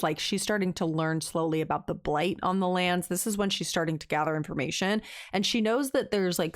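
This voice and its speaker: A woman's voice: on the low side, dry recording, clean studio sound. A woman co-hosting a podcast, recapping a book in a casual, chatty way and acting out the characters' lines as she goes. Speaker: podcast co-host.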